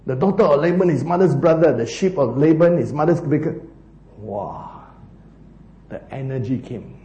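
A man preaching a sermon as pastor, telling a Bible story in an animated way with laughs and playful asides. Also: on the high side, normal speed, roomy sound.

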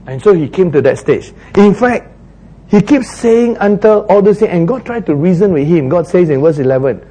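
A man's voice: high voice, expressive, moderate pace, dark tone, slightly rough, poor audio. A man preaching a sermon, retelling scripture in an earnest, repetitive way.

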